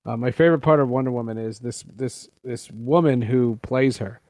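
A man's voice: medium pitch, normal speed, a little mellow, dry recording. A man co-hosting a podcast in casual chat, telling stories with a joking manner. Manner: joking storyteller. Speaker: podcast co-host.

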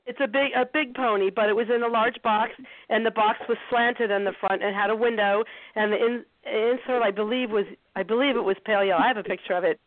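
High-voiced middle-aged woman on a phone line. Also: fairly even intonation, quick pace, no room sound. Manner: friendly, searching her memory, repeats words while recalling. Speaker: guest, former toy designer. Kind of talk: casual phone interview.

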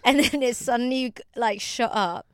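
A woman's voice: on the high side, fairly even intonation, normal speed, clear, resonant tone, no room sound, clean studio sound. A woman co-hosting a casual chat, chiming in and laughing often. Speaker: co-host.

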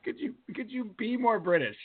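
A man co-hosting a casual sports podcast, laughing often and talking in an animated, joking way. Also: high-pitched, moderate pace, narrow, tinny audio. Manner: animated, laughs often, breaks into mock British singing. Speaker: podcast co-host.

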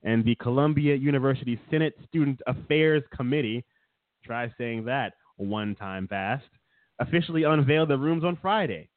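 Sarcastic male podcast co-host, mid-pitched, dry tinny phone-like sound. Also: normal speed, dry recording. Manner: sarcastic, mocking, laughs often. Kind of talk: casual political chat.

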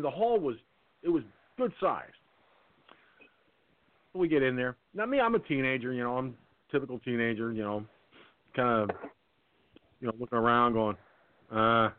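A man from Peekskill, New York, telling a long anecdote in a casual, animated way and acting out the voices. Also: mid-range voice, no echo. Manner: animated storyteller, acts out the voices. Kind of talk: casual storytelling. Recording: tinny phone line.

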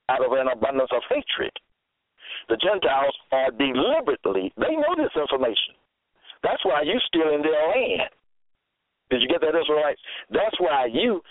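A man preaching a sermon slowly and emphatically, his pitch swinging widely as he stresses words. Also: no room sound. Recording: tinny phone line, dry.

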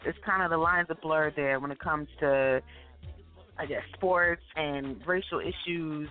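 A woman hosting a call-in radio talk show in a loose, casual way, full of fillers, with a deep morning voice after a late night. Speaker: host. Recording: tinny phone line with faint music.

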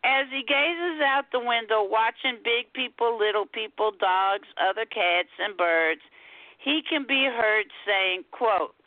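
A woman from Texas, calling in to a radio show and reading her poem slowly and deliberately. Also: a little high, dry recording. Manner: slow, deliberate reading, says quote and end quote. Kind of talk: poetry reading over the phone. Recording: tinny phone line.

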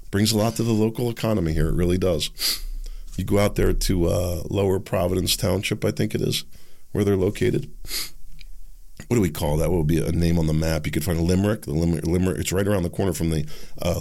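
A man's voice: low voice, vocal fry, darkish tone. A man hosting a political commentary show, ranting in a sarcastic, exasperated way. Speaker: host.

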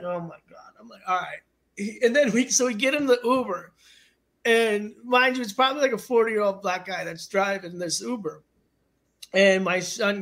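A music manager in his forties, appearing as a guest on an interview show, tells stories with casual, animated energy and frequent laughter. His voice sits high.

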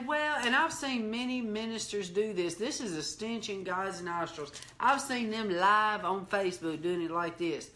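Woman preacher, fiery, emphatic, repetitive sermon delivery, mid-pitched voice. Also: expressive, unhurried, bright, forceful tone.

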